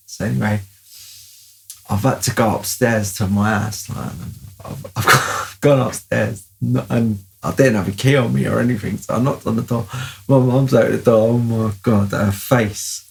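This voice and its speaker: Gravelly man telling a story. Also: lowish voice, normal speed. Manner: rambling, full of "like" fillers. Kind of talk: casual storytelling.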